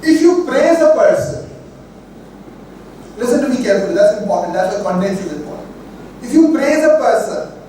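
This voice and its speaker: Recorded from a distance in an echoey hall with a little hiss or hum, a male workshop instructor lectures to a class in Bengali Indian English. He emphasizes key points while leaning on fillers and repeated phrases, his extremely high voice carrying a darkish tone.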